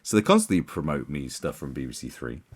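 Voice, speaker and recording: A man's voice: very deep voice, wildly swooping pitch, fast, breathy edge. A man giving casual commentary, rambling and scornful, with many fillers and restarts. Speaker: commentary YouTuber.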